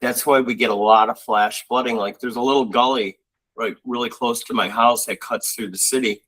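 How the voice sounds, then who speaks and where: Animated rambling man telling stories. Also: medium pitch, normal speed, low-quality recording. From Buffalo, New York. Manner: rambling storyteller, animated, frequent fillers. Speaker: co-host. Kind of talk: casual chat.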